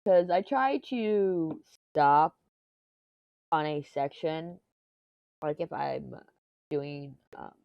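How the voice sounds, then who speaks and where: Low-voiced woman rambling on, dull lapel sound. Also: no room sound. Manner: rambling, self-deprecating, quick to laugh. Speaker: diamond painting vlogger. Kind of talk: casual rambling chat while crafting. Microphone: lapel mic clipped to t-shirt.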